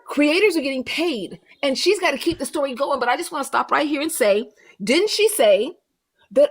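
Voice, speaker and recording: A woman's voice: sits high, expressive, fairly quick, slightly rough. A woman hosting a livestream reaction, ranting bluntly and profanely in casual commentary with mocking asides. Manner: does mocking voices of others.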